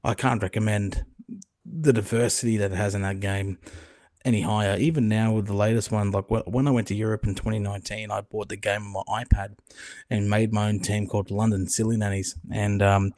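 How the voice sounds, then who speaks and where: A man in his young adult years chats on a podcast, his voice a little low. He tells stories with lively swearing. The sound is close and dry, with no room around it. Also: no room sound. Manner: profane, animated storyteller. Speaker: podcast co-host. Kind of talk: casual chat. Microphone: podcast mic.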